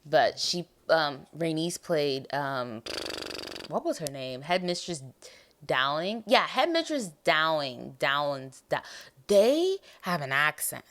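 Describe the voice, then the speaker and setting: A tired young American woman hosting a podcast, chatting casually about a TV show in a rambling, animated way. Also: sits low, slow pace. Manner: rambling, animated, trails off and restarts. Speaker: podcast host. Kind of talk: casual TV review chat.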